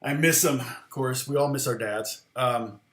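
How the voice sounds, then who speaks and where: A man's voice: mid-range voice, measured pace, fairly bright tone, roomy sound. A middle-aged man, a guitar teacher, telling rambling, chuckling anecdotes in casual conversation. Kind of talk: casual storytelling.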